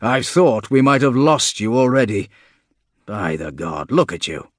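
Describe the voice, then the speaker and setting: A man voicing an irritable, bedraggled male monster who counts corpses, speaking slowly and loudly in an audiobook. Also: mid-range voice, very animated, no echo, studio quality. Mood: irritable, commanding. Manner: slow, loud, heavy delivery. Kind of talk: audiobook character voice.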